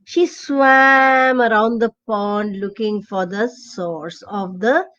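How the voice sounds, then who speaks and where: A woman telling a children's story aloud, expressive and asking the listener questions along the way. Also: mid-range voice, takes it slowly, highs cut off.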